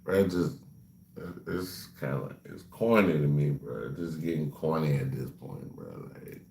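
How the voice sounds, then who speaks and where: A man's voice: a bass voice, measured pace, gravelly, darkish tone. A man commenting casually on a live stream in a laid-back, dismissive way. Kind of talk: casual chat. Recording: echoey room.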